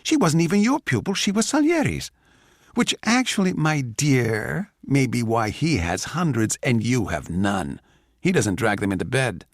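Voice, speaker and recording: A man voicing a saucy, quick-tempered young wife with a brash, cheeky manner. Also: sing-song, dry recording, studio quality. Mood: furious. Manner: brash, cheeky, shrill when angry.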